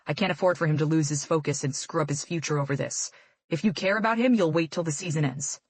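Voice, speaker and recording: A woman's voice: deep voice, fast talker, no room sound. A woman voicing a stern middle-aged male football coach who gives curt, commanding orders.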